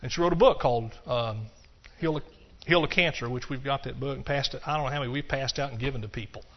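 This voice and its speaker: A man's voice: medium pitch, fast talker. A man preaching a sermon, emphatic and telling a story, with frequent restarts. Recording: dull lo-fi recording.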